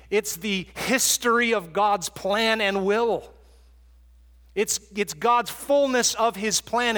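Male preacher, high voice, earnest expository sermon, long hall reverb, stumbles and repeats words. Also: a bit bright.

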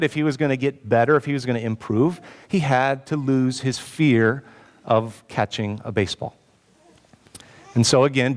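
A man's voice: medium pitch, fairly bright tone, smooth. A man giving a sermon as pastor, telling a personal story in a self-mocking way and joking with the congregation. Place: church hall with an audience. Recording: long hall reverb.

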